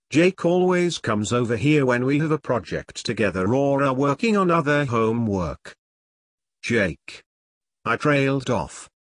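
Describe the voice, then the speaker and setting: A man narrating a scripted horror story, reading with lively intonation. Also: medium pitch, no room sound, studio quality.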